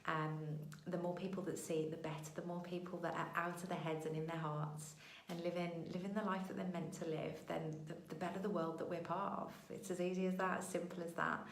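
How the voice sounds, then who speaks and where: Emotional woman with a gravelly low voice. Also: level tone, fairly quick, roomy sound, poor audio. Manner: emotional, voice breaking into tears at times; earnest, storytelling with acted-out quotes. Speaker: business coach hosting a weekly show. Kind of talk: heartfelt motivational monologue.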